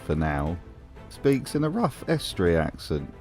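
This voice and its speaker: Host, male, lowish voice, deadpan sarcastic narration over faint music. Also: unhurried. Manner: dry, mocking humour. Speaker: video essay host. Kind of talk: scripted commentary.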